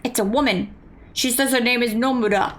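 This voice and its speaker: A woman's voice: fairly high pitch, brisk, a bit bright, a little hiss or hum, natural voice. A woman doing a dutiful young soldier.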